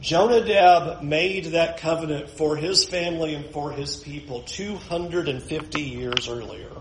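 A male pastor preaching a conversational sermon, moving between hushed asides and emphatic points. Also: on the high side, unhurried, noisy background.

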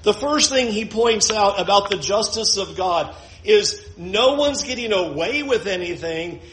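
Man, preacher, expository sermon, emphatic repetition, high voice, reverberant room. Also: lively intonation, fairly bright tone, a little hiss or hum. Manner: earnest, emphatic repetition with slowed phrases.

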